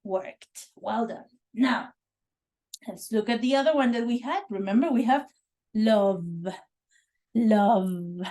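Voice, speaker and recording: A woman's voice: a little high, unhurried, darkish tone. A woman teaching English pronunciation in a classroom lesson, drilling single sounds and praising her students as she goes.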